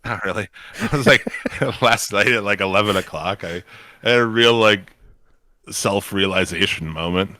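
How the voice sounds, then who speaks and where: A man's voice: lowish voice, moderate pace, pushed and bright, dry recording, clean studio sound. A man in his thirties co-hosting a casual wrestling podcast, laid-back and profane, laughing often. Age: 30s. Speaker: podcast co-host.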